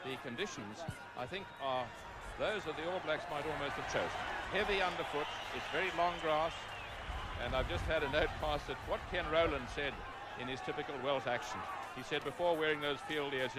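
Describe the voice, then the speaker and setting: Excitable rugby commentator, noisy broadcast. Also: male voice, fairly high pitch, fairly quick. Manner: rises to excited shouts at big moments, calm for background facts. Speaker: play-by-play commentator.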